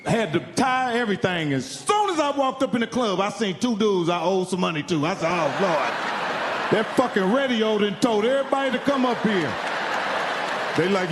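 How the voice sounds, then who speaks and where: A middle-aged man from Indiana telling profane stand-up stories with animated, acted-out quotes on a comedy club stage. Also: high-pitched, moderate pace, crowd noise, noisy background. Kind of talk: stand-up storytelling. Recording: live club sound with hall reverb.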